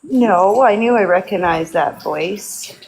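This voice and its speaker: A woman's voice: mid-range voice, slow pace, creaky, a little mellow, a little hiss or hum, low-quality recording. Playful teasing woman on a live stream. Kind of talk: casual live-stream banter.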